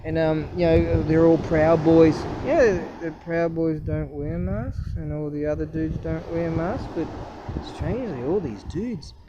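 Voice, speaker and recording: A man's voice: a little high, a little slow, dull audio, noisy background. A man in a casual, profane, rambling rant, talking in a scornful way. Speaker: vlogger.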